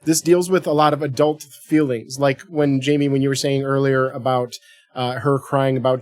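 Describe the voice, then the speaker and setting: A man co-hosting a podcast, chatting casually about a film in an animated, joking and profane way. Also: mid-range voice, moderate pace, dry recording. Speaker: podcast co-host.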